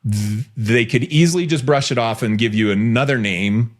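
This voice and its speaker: A man's voice: medium pitch, moderate pace. A man co-hosting a podcast, chatting in a friendly, upbeat way. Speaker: podcast co-host. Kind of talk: casual podcast chat.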